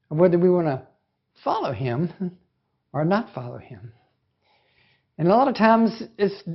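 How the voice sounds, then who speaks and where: Folksy male pastor, dull lo-fi sound. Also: fairly high pitch. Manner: folksy, conversational, with many fillers and acted-out quotes. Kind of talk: informal devotional talk.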